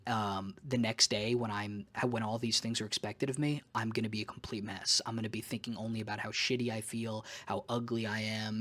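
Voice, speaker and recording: A man's voice: mid-range voice, fairly bright tone. A man talking candidly in a casual personal vlog, rambling and emphatic, with casual swearing. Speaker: vlogger.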